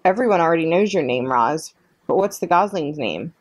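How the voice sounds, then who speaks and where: A woman's voice: sits low, animated, fairly quick, breathy edge, no echo. A woman reading aloud, voicing a blunt, bossy old female goose who squawks and lectures.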